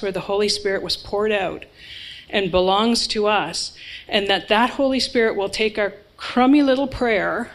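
Woman preacher giving a sermon, real slow and deliberate, earnest with casual asides. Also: fairly high pitch, a bit bright, rough recording. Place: church hall with a live congregation.

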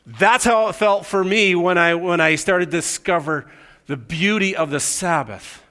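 A middle-aged Canadian preacher tells stories in his sermon, speaking casually, joking at his own expense, and taking on the voices of the people involved. His voice is high, pushed, and bright, and he doesn't rush.

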